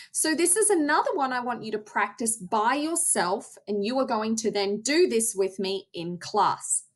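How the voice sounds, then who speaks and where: A woman teaching theatre arts to young children in a recorded lesson, enunciating carefully as she demonstrates. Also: medium pitch.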